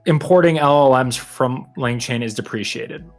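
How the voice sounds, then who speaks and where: A man co-hosting a developer livestream, casually explaining code as he works, relaxed and self-deprecating. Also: medium pitch, moderate pace, faint music behind. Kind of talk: casual chat while live coding.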